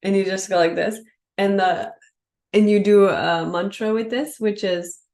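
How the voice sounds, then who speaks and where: A woman's voice: mid-range voice, fairly even intonation, measured pace, darkish tone. Woman yoga teacher, live online class, casual and explanatory, demonstrating as she goes.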